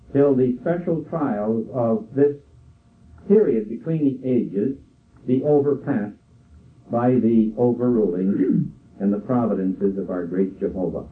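An older man preaching a sermon in a slow, measured way, quoting scripture. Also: mid-range voice. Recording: tinny phone-like sound from far off.

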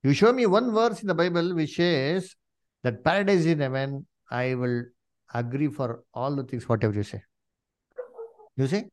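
A man preaching a sermon, emphatic and full of rhetorical questions and "you see". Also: fairly high pitch.

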